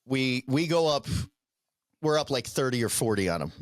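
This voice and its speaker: A man's voice: medium pitch, lively intonation, moderate pace, no room sound, studio quality. A man co-hosting a podcast who tells rambling, profane stories and laughs through them. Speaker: podcast co-host, youth football coach. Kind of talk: casual chat, storytelling.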